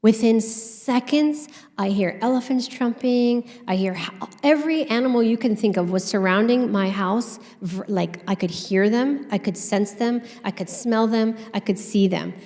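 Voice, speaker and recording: A woman giving a conference talk on stage, telling a personal story in a candid, animated way with casual swearing. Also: on the high side, normal speed, long reverb tail. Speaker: conference speaker.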